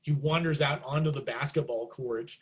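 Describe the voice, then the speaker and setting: A middle-aged man, a guest musician, telling stories in a casual interview and acting out quotes with big jumps in pitch. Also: normal speed.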